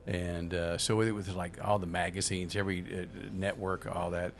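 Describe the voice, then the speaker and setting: An older man, a veteran radio host, telling a long story in relaxed talk with many fillers. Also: low voice, moderate pace, slight background noise. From Memphis, USA.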